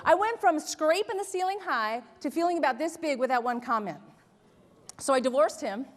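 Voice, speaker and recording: A woman motivational speaker delivers an animated keynote, her high voice ringing through a large hall with a long echo. She tells stories, laughs along with them and keeps asking the audience questions. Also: normal speed, a crowd in the background. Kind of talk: keynote speech to a live audience.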